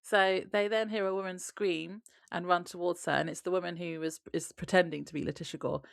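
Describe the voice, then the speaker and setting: A woman's voice: on the low side, steady tone, brisk, creaky, dry recording, clean studio sound. A woman co-hosting a podcast, recapping a TV episode in casual chat and laughing often as she retells scenes. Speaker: podcast co-host.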